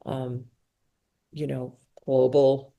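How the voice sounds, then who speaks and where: A woman's voice: extremely low pitch, flat delivery, drawn-out words, gravelly, mellow, muffled recording. A woman hosting an interview, asking long searching questions that ramble and restart. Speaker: host.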